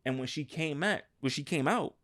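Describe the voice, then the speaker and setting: A man's voice: a little high, normal speed. A man telling a long profane story on a casual podcast, acting out what people said. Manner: animated, profane, acts out quotes. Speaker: podcast co-host.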